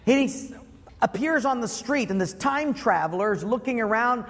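A man's voice: very high voice, lively intonation, moderate pace, fairly bright tone, big-room sound. A man preaching a sermon, asking the congregation rhetorical questions with emphatic delivery.

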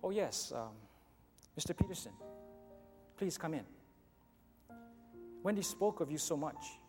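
A man voicing a grieving young mother in a spoken story, with a soft, halting, apologetic manner. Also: a little high, animated. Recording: long hall reverb with soft music.

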